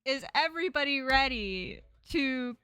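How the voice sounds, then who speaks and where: A woman's voice: high voice, expressive, measured pace, clean tone, dry recording, faint music behind. A woman streamer chatting playfully to her viewers, lisping from a sore on her tongue. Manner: playful, loud, swearing. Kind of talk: casual game stream chat and reading. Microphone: headphones, streaming mic.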